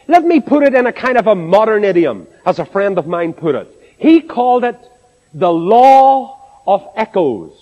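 A man's voice: sits high, very animated, brisk, hardly any pauses, lo-fi sound. A man with a Northern Irish accent preaching a sermon to a congregation, speaking expressively and asking rhetorical questions in an echoey hall. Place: large assembly hall.

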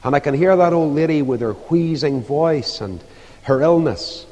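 A man's voice: on the high side, expressive, moderate pace, darkish tone. A man preaching an impassioned evangelistic sermon, rising to fervent appeals. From Northern Ireland. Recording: echoey hall with long reverb.

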